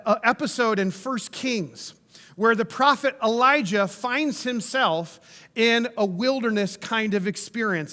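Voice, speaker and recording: A high-pitched man with a bright, ringing voice preaches a sermon as a pastor. He talks in a conversational, enthusiastic way and drops casual asides as he tells the story. A long reverb from the church hall trails after each phrase. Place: church sanctuary.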